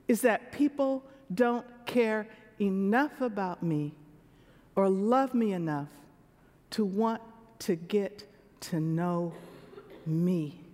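A woman's voice: medium pitch, a little mellow. A woman in her sixties preaching a sermon in a church, talking with the congregation in a conversational way. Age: 60s. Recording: long reverb of a large hall.

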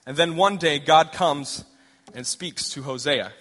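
A young male preacher delivering a sermon in an easy, conversational way, piling up rhetorical questions. His voice is bright and slightly high, and the sound carries a long hall reverb. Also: a little slow. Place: large church hall. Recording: echoey hall.

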